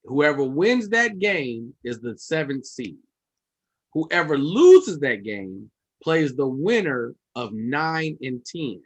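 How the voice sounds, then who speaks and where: A man's voice: mid-range voice, very animated, slow pace. A man and comedian in casual podcast chat who jumps in eagerly and explains things step by step.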